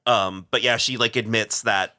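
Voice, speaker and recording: A man's voice: fairly low pitch, moderate pace. A man co-hosting a podcast, recapping a TV show in casual chat and laughing along. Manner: animated, laughing, storytelling. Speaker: podcast co-host.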